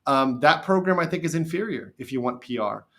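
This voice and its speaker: Middle-aged American attorney guest, animated and emphatic, very lively pitch. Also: male voice, fairly quick. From USA. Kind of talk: casual podcast interview.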